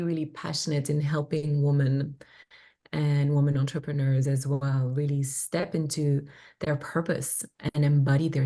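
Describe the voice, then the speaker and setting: A woman with a French accent speaks low and mellow, her sentences unhurried and flowing. She talks gently in a casual interview, as a guest author. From Belgium. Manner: gentle, flowing, spiritual phrasing.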